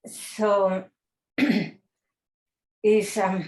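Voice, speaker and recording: A woman on a video call whose voice sounds roomy and echoing. She speaks very slowly in a flat, even tone, pausing and clearing her throat as she reads. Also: medium pitch. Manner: slow, measured, throat-clearing. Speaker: workshop participant. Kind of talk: reading her own writing aloud.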